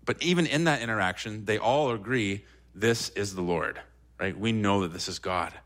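A man's voice: lowish voice, moderate pace, a bit bright. A young man preaching a sermon in a church, talking conversationally, tossing in frequent "right?" asides and rising animatedly when he quotes Peter. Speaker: pastor.

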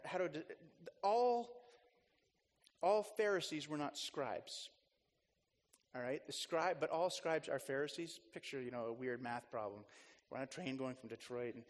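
A man's voice: fairly high pitch, in a large hall. A man preaching a conversational sermon as a pastor, chatty and storytelling, with restarts and side remarks.

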